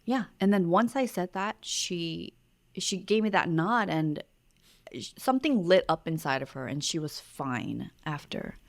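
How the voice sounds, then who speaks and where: Low-pitched lady co-host, chatty and reflective, just talking it through. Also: animated, measured pace. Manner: reflective storytelling, candid. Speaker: podcast co-host. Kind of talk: casual chat.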